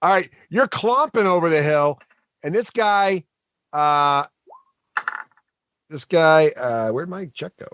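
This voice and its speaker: A man narrating as game master of a tabletop game, animated and laughing, adding sound effects. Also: on the high side, takes it slowly, long pauses, clear, resonant tone, no echo.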